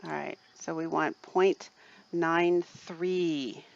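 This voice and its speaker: A woman's voice: sits low, fairly even intonation, drawn-out words, creaky, muffled recording. A woman co-hosting a casual show, chatting viewers through a mixing demonstration step by step. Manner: chatty, explains step by step, addresses viewers as "people". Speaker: co-host demonstrating recipe mixing. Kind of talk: casual instructional chat.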